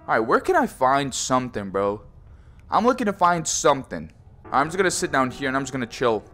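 Jokey young man with a lively voice. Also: mid-range voice, a little fast, faint music behind. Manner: jokey, swears a lot, teasing, says bro often. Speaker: gaming YouTuber. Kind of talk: casual horror game commentary.

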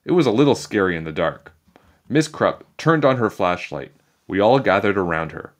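Man reading a kids' book aloud, lower voice, lively animated delivery. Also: normal speed. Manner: animated, playful storytelling. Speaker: storybook reader.

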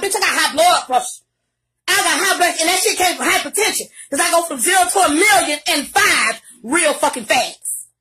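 A middle-aged woman from Virginia, ranting loudly and angrily, cursing and often shouting. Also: very high voice. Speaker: grandmother ranting in a recorded video. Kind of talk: angry profane rant.

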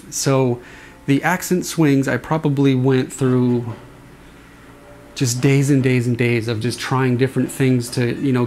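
A saber sound font designer casually walks through how he designed a sound, rambling a little and mimicking swing noises with his voice as he demos it. His voice is mid-range, creaky and a little mellow.

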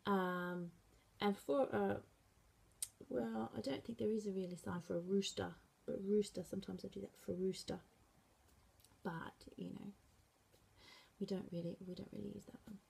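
A woman teacher explaining sign language for animals, slowly and patiently saying each word aloud as she signs. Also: mid-range voice, steady tone, gravelly, mellow, slightly rough. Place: school room.

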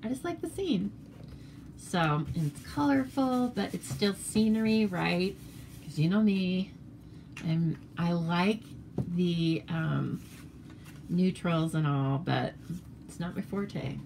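A woman's voice: fairly low pitch, lively intonation, slow, vocal fry, noisy background. An American woman demonstrating papercraft cards in a casual, chatty tutorial, rambling with fillers and self-corrections.

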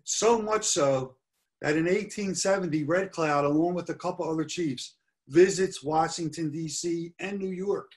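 A man's voice: a little high, normal speed, darkish tone. A middle-aged man giving a history lecture over slides, earnest and stressing key points by repeating them. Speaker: history presenter.

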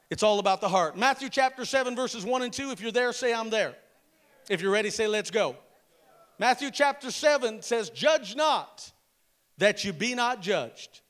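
Male pastor, sermon delivery: very high, bright, forceful voice; call-and-response, slow, stressed scripture reading. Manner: emphatic call-and-response preaching; slows and stresses each word when reading scripture.

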